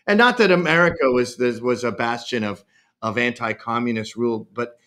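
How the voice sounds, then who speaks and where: A man's voice: mid-range voice, moderate pace, pushed and bright. Blunt, joking Canadian man. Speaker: podcast guest. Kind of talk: casual podcast interview.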